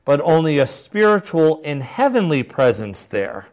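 A man reading aloud as an older Victorian bishop in a put-on English accent, in a slow, raised, declaiming voice. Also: on the high side, sing-song, pitched above the performer's own voice. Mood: solemn declaiming.

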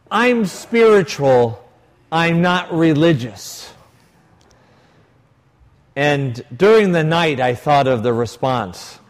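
High-voiced priest preaching in a reverberant hall. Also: male voice. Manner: storytelling with quoted dialogue, varied emphasis. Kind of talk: sermon. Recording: long reverb of a large hall.

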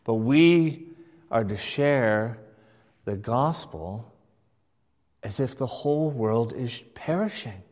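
A man as pastor teaching his congregation in a church, measured and emphatic, often checking in with "right?". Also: medium pitch, expressive, darkish tone. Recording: long hall reverb.

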